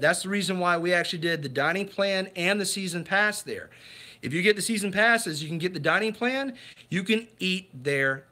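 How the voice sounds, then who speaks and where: A man in his thirties hosts a casual livestream and reads out viewer comments. His voice is bright and a little high for a man. He talks in a chatty way, often stopping and restarting with fillers. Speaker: livestream host.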